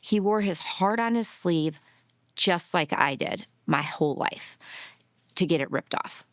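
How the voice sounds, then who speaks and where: A middle-aged woman, a grieving mother, telling her story in a documentary interview, earnest and emotional, sometimes dropping to a soft near-whisper. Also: on the low side, expressive, measured pace, no echo, studio quality.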